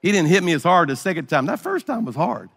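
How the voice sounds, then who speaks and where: A man's voice: sits high, sing-song, fast talker, vocal fry, a bit bright, slightly rough, big-room sound. A middle-aged man preaching a sermon, telling a story and acting out the dialogue. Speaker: pastor.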